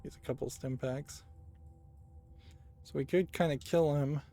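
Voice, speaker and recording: Brief: unhurried male let's-play commentator, gravelly and dark, thinking out loud. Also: on the high side, steady tone, slight background noise. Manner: unhurried, thinks aloud with musing hums. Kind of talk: casual gameplay commentary.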